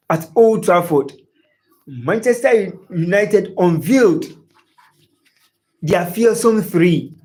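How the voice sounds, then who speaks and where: A man's voice: sits high, a little mellow. A man hosting a live football stream, giving season predictions and talking to viewers by name. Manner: talks straight to viewers by name, repeats phrases. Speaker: sports show host.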